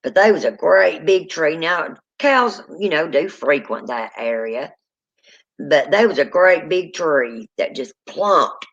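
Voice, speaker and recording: A woman's voice: deep voice, animated, takes it slowly, a bit bright, highs cut off. A woman guest telling ghost stories in a rambling, folksy way. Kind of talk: casual storytelling chat.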